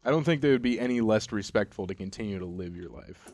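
A man's voice: lowish voice, expressive, quick pace, darkish tone. A young man co-hosting a casual podcast, rambling and laid-back with lots of fillers. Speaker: podcast co-host. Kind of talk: casual chat.

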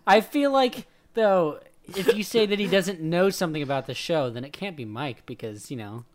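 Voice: medium pitch, lively intonation, moderate pace. A podcast co-host in casual chat, breaking in with dry, teasing remarks.

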